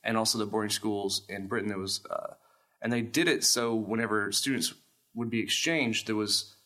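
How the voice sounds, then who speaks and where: A man's voice: on the low side, fairly even intonation, moderate pace, pushed and bright. A man hosting a podcast in casual chat, explaining things at length with stammered restarts. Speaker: podcast host.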